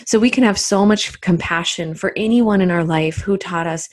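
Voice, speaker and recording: A woman giving a reflective spiritual talk as a teacher, speaking gently with drawn-out, unhurried phrasing. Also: lowish voice.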